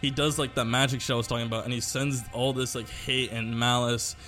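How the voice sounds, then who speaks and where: Young male co-host, rambling storyteller, tense bright tone, loose and profane. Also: mid-range voice, little pitch movement, a little fast, soft background music. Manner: rambling, heavy filler words and swearing. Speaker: podcast co-host. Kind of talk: casual storytelling chat.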